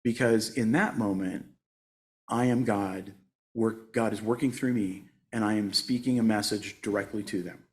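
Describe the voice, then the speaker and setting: A man's voice: fairly low pitch, steady tone, normal speed. A man in his sixties giving a conversational sermon as a guest speaker at a church, joking at his own expense and laughing often. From United States. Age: 60s. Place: church sanctuary.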